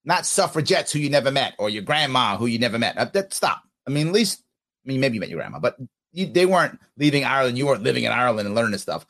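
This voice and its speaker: A man's voice: medium pitch, lively intonation, fast, a bit bright. A man with a New York accent, hosting a podcast and giving blunt, scornful live commentary over clips of a speech. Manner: blunt, scornful, heats up as he talks.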